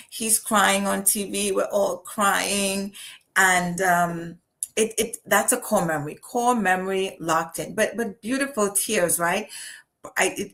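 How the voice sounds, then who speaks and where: A woman's voice: on the low side, fairly bright tone. A middle-aged woman from Trinidad, telling a personal story on a live stream in a reflective, heartfelt way with frequent restarts. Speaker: channel host.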